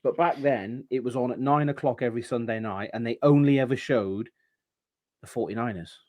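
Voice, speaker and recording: A man guest on a podcast, telling stories in casual chat and pausing with many ums. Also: medium pitch, a little mellow. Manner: rambling storyteller, halting with many ums.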